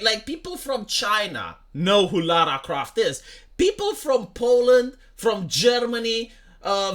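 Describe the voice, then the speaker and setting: A man's voice: very high voice, pushed and bright. A young man ranting in profane, heated commentary, often repeating "like" and "right?". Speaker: commentary streamer.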